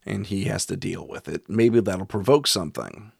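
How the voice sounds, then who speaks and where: A man's voice: sits low, normal speed, vocal fry, breathy edge, dry recording, studio quality. A middle-aged man, a paranormal investigator, recounting a ghost investigation in a wry, chuckling way.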